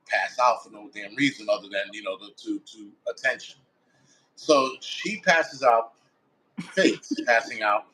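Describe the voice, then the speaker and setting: A man with a medium-pitched, fairly bright voice, captured in a low-quality recording, appears as a firefighter guest. He tells a first-person story casually and bluntly, swearing heavily and acting out his own quoted thoughts.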